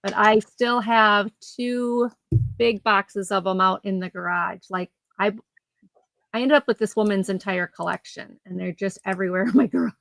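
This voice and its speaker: Her voice is medium in pitch, a bit bright, with vocal fry and a moderate pace, captured in a dry recording of poor quality. Chatty and quick to laugh, she describes items during a casual live sale at home by her garage.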